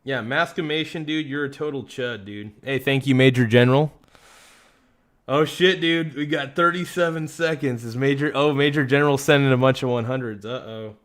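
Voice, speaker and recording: A man hosting a casual livestream, excitable and swearing often as he thanks viewers by name. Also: mid-range voice, normal speed. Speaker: livestream host.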